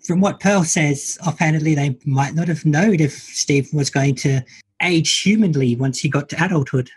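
A woman's voice: low-pitched, normal speed, slightly rough, dry recording. A woman co-hosting a podcast, talking things through in a thoughtful, analytical way. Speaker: podcast co-host. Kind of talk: casual chat.

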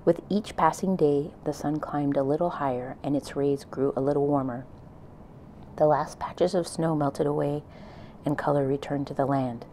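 A woman reading a children's novel aloud in a gentle, plain storytelling manner. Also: sits low, steady tone, moderate pace, a little hiss or hum, poor audio. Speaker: audiobook reader.

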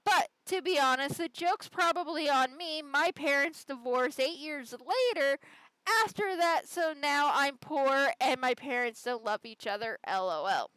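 A woman reads an online story aloud for a podcast, chatting through it and adding her own asides. Her voice sits high and she takes her time with each line. The sound is close and dry, with no room around her. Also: a little slow, fairly bright tone, no room sound, poor audio. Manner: conversational storytelling with side comments. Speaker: podcast host. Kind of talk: reading a Reddit story aloud.

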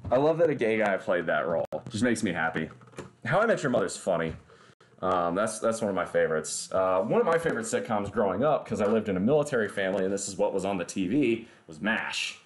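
A man's voice: lowish voice, sing-song, quick pace, slight background noise. A man, chatting casually and joking with viewers on a livestream. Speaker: livestream fitness host.

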